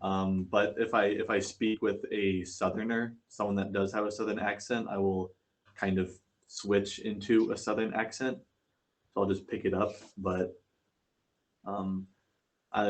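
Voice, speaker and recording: A man from South Carolina talks in an easygoing, rambling way, full of "like" and "you know". His voice sits a little low. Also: moderate pace, poor audio. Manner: relaxed, chatty, many fillers. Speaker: language exchange partner. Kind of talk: casual online conversation.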